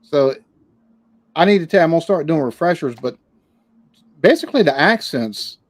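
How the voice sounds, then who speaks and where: A man's voice: a little high, lively intonation, moderate pace, no room sound. Rambling man in a dry close recording. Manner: rambling, swears casually, frequent restarts. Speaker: podcast guest, reaction channel creator. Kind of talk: casual interview chat.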